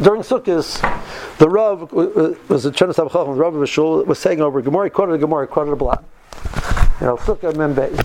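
A man's voice: fairly high pitch, creaky, a little mellow, slight background noise, poor audio. A man in his fifties telling stories in a casual talk, earnest and driving his points home by repeating phrases. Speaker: speaker recounting yeshiva study.

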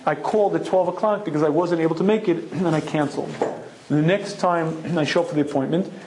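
Male Torah lecturer, slightly high voice, emphatic, keeps clearing his throat; faint hiss. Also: a little fast, darkish tone, poor audio. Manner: emphatic, repeats phrases for effect. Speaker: Torah teacher. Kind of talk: Torah lecture with personal story.

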